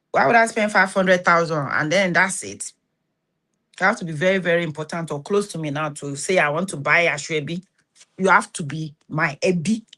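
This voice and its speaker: A woman's voice: medium pitch, a bit bright. Blunt Nigerian woman giving self-help advice. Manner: blunt, scolding advice with rhetorical check-ins. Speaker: host. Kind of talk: motivational self-help talk.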